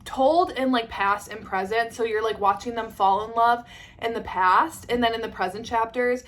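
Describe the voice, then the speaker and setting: A book vlogger in her twenties chats casually at home, gushing and peppering her sentences with "like." Her fairly high voice is a bit bright, with a steady tone and normal speed.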